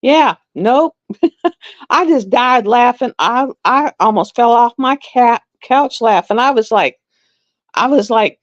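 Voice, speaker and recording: A middle-aged woman hosting a live stream in casual chat, blunt and repetitive, often quoting herself in an even higher voice. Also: slow. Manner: chatty, blunt, drawling, repeats herself. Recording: dry, dull lo-fi sound.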